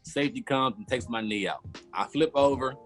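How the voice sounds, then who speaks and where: A man's voice: medium pitch, fairly quick, music in the background. A man, casually telling a long story as a podcast guest and acting out his own past reactions. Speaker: former football player, guest.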